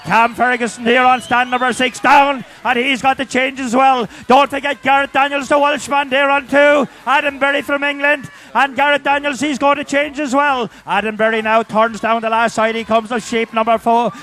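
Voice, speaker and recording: A man commentates live at a shearing final in a very high, tense voice. He keeps an even pitch while rattling off the stands one after another. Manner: rapid stand-by-stand calling.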